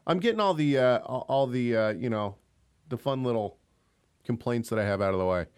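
A man's voice: medium pitch, animated, brisk, clear, resonant tone. A young adult man co-hosting an online radio show, joking and rambling in casual chat and laughing often.

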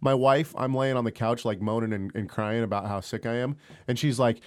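A young man co-hosting an online radio talk show, rambling from one joke to the next and laughing as he goes. His voice sits at an ordinary middle pitch, and the talk is loose and casual. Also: moderate pace. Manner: joking, rambling, laughs often. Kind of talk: casual chat.

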